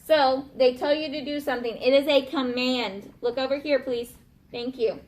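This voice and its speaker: High-voiced woman teaching a class. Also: fairly even intonation, normal speed. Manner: patient, checks understanding with frequent "okay?" and "right?". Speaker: elementary school teacher. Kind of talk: classroom grammar lesson.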